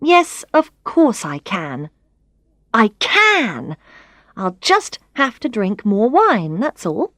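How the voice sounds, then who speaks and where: A woman reading a first-person story for learners aloud, clear and expressive. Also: a little high, slow pace, dry recording, studio quality. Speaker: narrator. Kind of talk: scripted narration of a learners' story.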